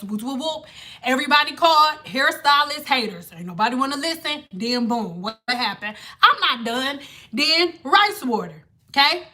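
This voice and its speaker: Bright-voiced woman ranting. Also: high-pitched, lively intonation, moderate pace. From Detroit. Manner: blunt, ranting, swearing freely. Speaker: hair vlogger. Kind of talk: casual rant to camera.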